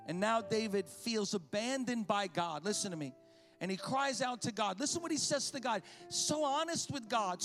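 Male pastor, very high voice, fervent repetitive preaching, soft music underneath. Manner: impassioned preaching, repeating phrases. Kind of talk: sermon.

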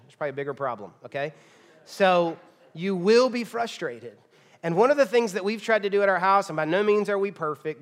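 High-voiced man preaching in an echoey hall. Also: a bit bright. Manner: conversational, acts out everyday dialogue. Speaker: pastor. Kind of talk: sermon. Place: church auditorium. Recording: long church-hall reverb.

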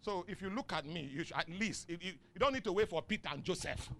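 A middle-aged man with a Nigerian accent preaching a sermon in call-and-response style. He swings from soft asides to shouts and chuckles often. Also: sits high, expressive, fast. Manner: chuckles often mid-sentence. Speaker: pastor.

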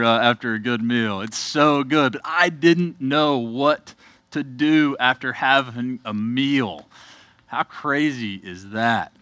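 Bright-voiced man giving an earnest testimony. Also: medium pitch, slow, no room sound. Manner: earnest, swings from loud emphasis to quiet asides. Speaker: church speaker giving a testimony. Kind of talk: testimony sermon.

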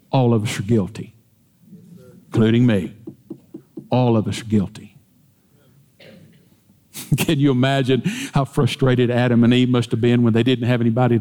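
A man preaching a sermon with emphatic delivery, climbing in pitch and force as he quotes scripture. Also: dark tone. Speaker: pastor. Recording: hall reverb.

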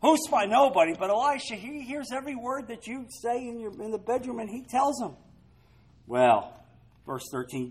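A pastor reads scripture aloud during a sermon and breaks into dramatic asides to the congregation, building to loud, emphatic peaks. His voice is very high, husky, and expressive at a moderate pace, and the audio is poor.

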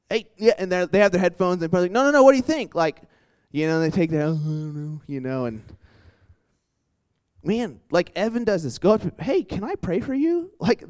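A man's voice: fairly high pitch, a little mellow. A young man giving a casual campus sermon, telling stories and acting out quotes, with many "like"s and restarts. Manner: conversational, lots of "like" and restarts, acts out quotes. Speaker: campus ministry preacher.

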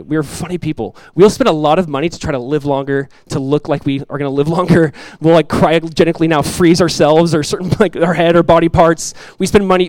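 A man in his thirties, a pastor giving a sermon in a relaxed, conversational way, telling stories with asides. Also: on the high side, no room sound, poor audio. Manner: conversational, animated storytelling with asides.

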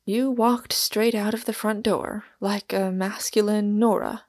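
Woman reading a russian gentleman making his case, measured, gravelly, dry sound. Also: medium pitch, fairly even intonation, no echo, natural voice. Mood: reasoning. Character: reasoning male Russian gentleman narrator. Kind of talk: audiobook character reading.

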